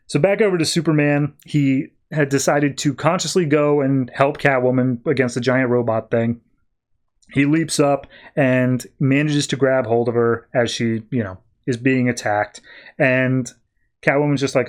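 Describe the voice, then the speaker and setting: A man hosting a podcast, recapping comic books as quick, enthusiastic storytelling. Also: mid-range voice, steady tone. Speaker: podcast host. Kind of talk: casual comic book recap.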